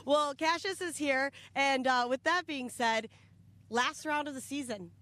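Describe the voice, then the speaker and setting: A woman's voice: high-pitched, measured pace, a bit bright, dry recording. A woman hosts a casual trackside interview at an off-road race, gushing with praise in a friendly way. She now and then fumbles for the right word and trails off mid-sentence. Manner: effusive, friendly, fumbles words. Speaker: event interviewer. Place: outdoors at an off-road race park.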